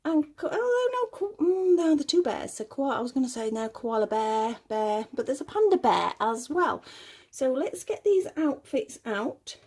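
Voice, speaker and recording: Unboxing little dolls at home, a collector chats to camera and coos at the tiny details, a bit out of breath. Her high-pitched voice is husky and a little mellow, swinging widely in pitch, and she speaks a little slowly.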